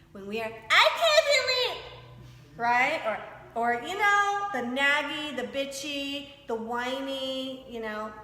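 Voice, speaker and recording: Woman yoga teacher, bright and chatty, demonstrative; recorded in an echoey hall with long reverb. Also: fairly high pitch, slight background noise. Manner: chatty, demonstrative, breaks into voices. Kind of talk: yoga class instruction.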